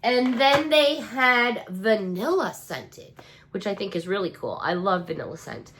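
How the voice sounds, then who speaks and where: A middle-aged woman with a Chicago accent chats casually through a shopping haul, gushing over cute finds and asking her viewers questions. Her mid-range voice is animated, unhurried and fairly bright. Her nose is still stuffy, and her sense of smell hasn't fully returned.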